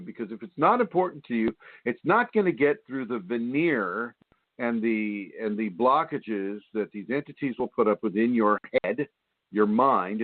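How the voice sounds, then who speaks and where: Over a tinny, dry phone line, a man with a medium-pitched voice and no echo hosts a spiritual radio talk show. He teaches animatedly, mimicking whiny voices and laughing often.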